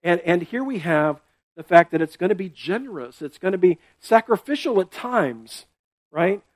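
Very animated and with a darkish tone, a high-voiced pastor delivers a conversational sermon to his congregation, frequently checking in with "right?" and "okay?" He goes back over his words, restarting and repeating as he explains, in dry, close sound with no room echo.

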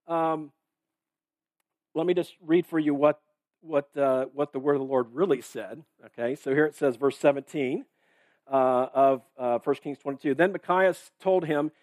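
At normal speed, a man with a high-leaning, darkish-toned voice preaches a sermon as pastor, captured in a dry recording. He reads verses and comments loosely and conversationally, with many fillers, restarts, and check-ins like "right?" and "okay?".

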